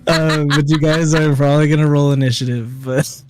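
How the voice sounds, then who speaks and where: A man's voice: fairly high pitch, fairly even intonation, a little fast, music in the background. A young man narrating as game master of a tabletop game, laughing often between filler words.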